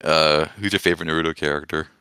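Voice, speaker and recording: Deep, crisp-voiced man ranting casually. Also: fairly even intonation, fast, pushed and bright, no room sound. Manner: rambling, profane, sarcastic. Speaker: podcast co-host. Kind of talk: casual chat.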